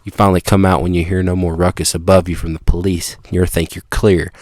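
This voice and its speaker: A young podcast host speaks a little fast, rambling with excitement through an improvised humorous story for the listener. His voice jumps suddenly in pitch and loudness, recorded without echo.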